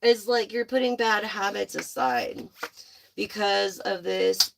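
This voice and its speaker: Woman, tarot reader, casual chat, excitable, slow, gravelly. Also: mid-range voice, slight background noise. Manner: excitable, swears, gushing. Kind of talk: casual tarot reading to viewers.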